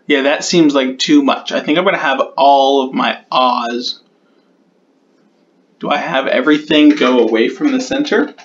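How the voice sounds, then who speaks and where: A man talking through his own tutorial, thinking aloud and slowing down as he types out rules. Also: medium pitch, fairly even intonation, muffled recording. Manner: muses aloud, repeats test words, slows down while typing. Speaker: conlang creator.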